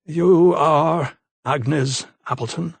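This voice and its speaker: A man's voice: a little high, drawn-out words, gravelly, husky, dry recording, pitched above the performer's own voice, exaggerated voice. A man voicing a stiffly formal little notary who is easily affronted. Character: prim, supercilious little male notary.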